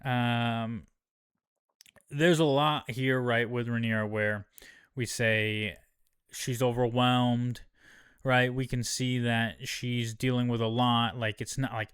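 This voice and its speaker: A man's voice: mid-range voice, flat delivery, slow, a bit bright, smooth, dry recording, studio quality. A man casually recapping a TV episode, slangy and profane, rambling with lots of fillers. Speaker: show host.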